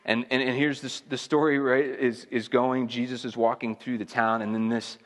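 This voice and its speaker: A man's voice: mid-range voice, flat delivery, moderate pace, long reverb tail. A man preaching a sermon in a conversational, emphatic way, building intensity as he makes his points. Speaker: pastor.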